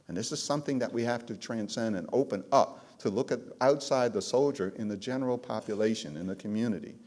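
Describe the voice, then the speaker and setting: Low-voiced man lecturing a live audience. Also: a little mellow. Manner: emphatic storytelling, calls out to the audience. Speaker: trauma trainer.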